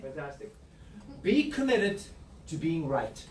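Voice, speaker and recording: Playful Irish team leader, high voice. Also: male voice, big pitch swings, slow pace. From Ireland. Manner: playful, sarcastic, teasing the room. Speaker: real estate team leader. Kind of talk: motivational team meeting talk. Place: office meeting room. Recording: echoey room from far off, noisy.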